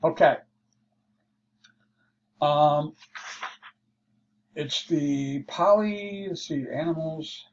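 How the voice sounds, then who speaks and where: Slow-talking man teaching code. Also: a little high. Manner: slow, explanatory, thinking aloud with fillers. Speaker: programming instructor. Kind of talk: screen-share coding lesson. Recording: dull lo-fi mic with faint hiss.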